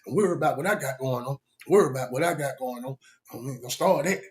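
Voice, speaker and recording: A man voicing a small, thin, joking prison roommate with a South Georgia accent, who brushes questions off quickly. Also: mid-range voice, natural voice. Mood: dismissive.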